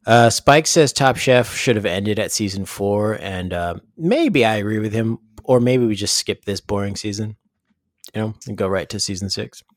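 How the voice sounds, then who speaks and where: A man with a fairly low voice bantering on a podcast and needling his co-host. He sounds dry and close to the mic, with no room echo. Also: moderate pace. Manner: teasing, sarcastic interjections.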